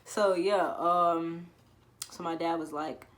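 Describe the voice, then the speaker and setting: Low-voiced teen girl telling a story. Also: slow pace, recorded from a distance. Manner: animated, laughing, swearing, acting out quotes. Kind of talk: casual storytime. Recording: echoey room with faint ambience.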